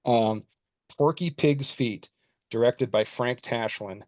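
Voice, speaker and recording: A man co-hosting a podcast, eager and halting as he gushes about a cartoon. His audio is dull and lo-fi, with no room sound at all. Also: mid-range voice, a little mellow, no room sound. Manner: enthusiastic, halting starts. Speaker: podcast co-host. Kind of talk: casual chat.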